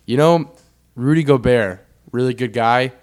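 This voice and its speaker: Animated young man talking sports. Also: medium pitch, a little slow. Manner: animated, laughing, trailing off into asides. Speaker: podcast co-host. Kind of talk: casual sports chat.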